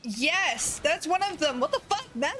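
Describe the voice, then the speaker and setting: A woman's voice: sits high, animated, unhurried, sharp tone, soft background music. A young woman streaming a game, chatting casually, giggling often and reading chat aloud.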